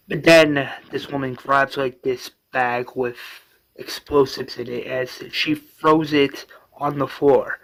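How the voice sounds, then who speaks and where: Casual man retelling a story, bright-voiced. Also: medium pitch, steady tone, takes it slowly, low-quality recording. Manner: rambling, with many fillers. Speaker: fan storyteller.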